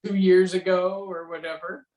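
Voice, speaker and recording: A man's voice: high voice, flat delivery, normal speed, a crowd in the background. A man chatting as a guest in an interview, full of joking, teasing banter. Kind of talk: casual interview chat.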